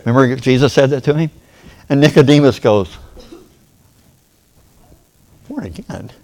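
Preacher guy, folksy and playful, middle-pitched voice, asks the church for amens. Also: fairly quick, darkish tone. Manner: folksy, playful, acts out voices and a "ding" sound; calls for amen from the congregation. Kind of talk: sermon.

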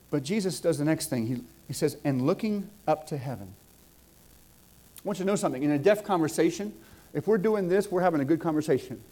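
Middle-aged man preacher, somewhat high-pitched, dynamic sermon delivery with rising builds. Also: lively intonation, fairly quick. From Southwest Georgia, US. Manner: dynamic preaching, rising emphatic builds and soft dropped asides.

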